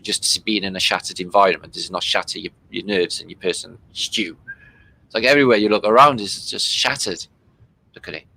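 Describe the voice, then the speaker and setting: A man's voice: fairly low pitch, pushed and bright, dry recording. A man from Britain giving loose, casual running commentary over old footage, swearing freely and filling gaps with ums. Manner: loose and chatty, swearing freely, many fillers. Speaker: host commenting on archive war footage.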